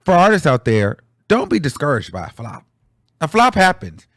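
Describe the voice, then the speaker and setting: A man's voice: fairly high pitch, wildly swooping pitch, moderate pace, no echo, studio quality. A young man giving candid, chatty commentary on a song, with frequent fillers and restarts. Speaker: music commentator. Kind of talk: casual commentary.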